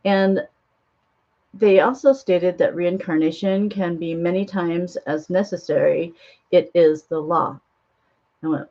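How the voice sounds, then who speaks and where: A woman's voice: fairly low pitch, steady tone, unhurried, mellow. A woman casually retelling a spiritual film in a rambling way, with many ums and restarts. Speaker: spiritual author and host. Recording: dull lo-fi sound.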